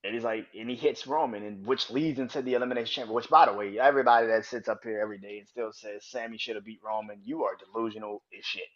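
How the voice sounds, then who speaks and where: A man hosting a podcast, talking through wrestling in a casual, profane, rambling and animated way, in a slightly dull lo-fi recording. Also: lowish voice, fast, few pauses. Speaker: podcast host.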